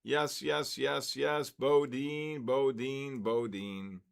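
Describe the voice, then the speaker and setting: A man's voice: mid-range voice, fairly even intonation, extremely slow, gravelly. An older man from the Bronx, hosting a live trading stream and chatting casually with viewers between market calls. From the Bronx, New York.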